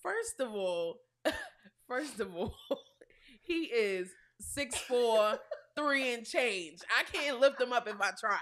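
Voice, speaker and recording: Playful woman on a podcast, high bright voice that bounces around. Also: big pitch swings, takes it slowly, slight background noise. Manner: playful, teasing, laughs often. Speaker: podcast co-host. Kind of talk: casual reaction chat.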